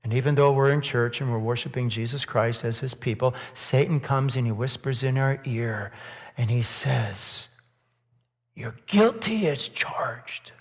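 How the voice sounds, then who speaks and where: A man preaching a sermon in church, asking rhetorical questions and building to loud, emphatic peaks. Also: mid-range voice, steady tone, moderate pace. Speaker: pastor. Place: church sanctuary. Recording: long hall reverb.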